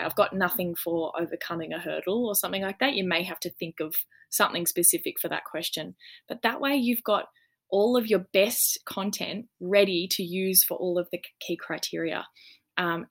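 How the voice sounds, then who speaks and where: Woman, lower register, casual podcast guest, explains patiently with ums. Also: fairly bright tone. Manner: earnest, explanatory, lots of ums. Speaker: careers advice guest.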